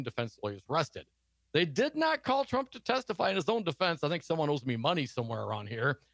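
A man's voice: a little high, a bit bright, no echo. A man co-hosting a political talk show, reading news stories aloud and adding sarcastic asides.

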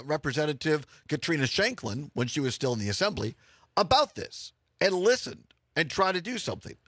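Lively rambling radio host man. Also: a little high, no echo. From Wisconsin. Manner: rambling, jokey, restarts a lot. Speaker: radio talk show host. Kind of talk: casual radio chat.

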